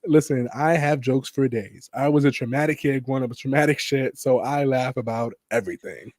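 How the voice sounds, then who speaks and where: A man with a mid-pitched voice chats on a late-night show, telling darkly funny stories and checking in with the listener after almost every point. The recording is dry and close. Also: steady tone, fairly quick, no room sound. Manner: dark humor, repeats "you know what I mean". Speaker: guest. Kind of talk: casual late-night chat. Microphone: streaming podcast mic.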